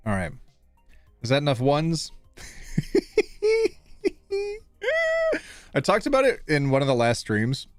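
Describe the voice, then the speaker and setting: A man's voice: medium pitch, huge pitch swings, takes it slowly, pauses often, no echo, soft background music. A man in his thirties hosting a live stream, playful and self-deprecating, fumbling over names and joking with chat. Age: 30s.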